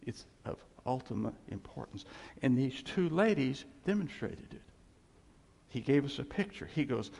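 A man preaching a sermon as pastor, earnest and repeating his key phrases, swinging from loud to quiet. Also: medium pitch, animated, moderate pace, creaky, breathy edge. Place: church sanctuary. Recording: church hall reverb.

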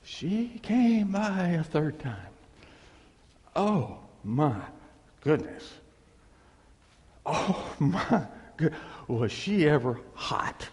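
A man telling a funny personal story to a live audience, animated and self-deprecating, dragging out his punchlines. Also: a little high. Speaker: speaker addressing a live audience. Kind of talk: humorous personal storytelling talk. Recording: long reverb of a large hall.

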